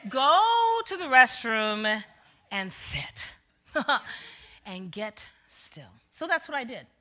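This woman minister's voice runs fairly high and she speaks slowly as she preaches. Her sermon unfolds as an animated story, dropping to quiet asides before rising to loud punchlines.

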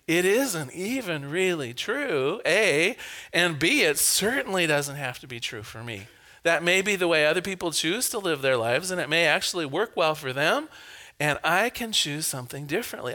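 A man's voice: a little high, moderate pace. A man giving a reflective personal talk about beliefs, telling anecdotes with laughter and rhetorical questions. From Pacific Northwest, US. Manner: anecdotal, animated storytelling with laughs.

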